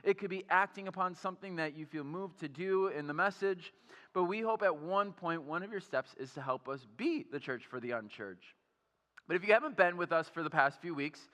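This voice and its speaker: A young pastor with a fairly high, bright and forceful voice preaches in a church auditorium. His delivery is energetic and chatty, full of fillers and questions to the crowd. The sound carries a long reverb from the hall. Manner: energetic and conversational, with many fillers and questions to the audience. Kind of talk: sermon.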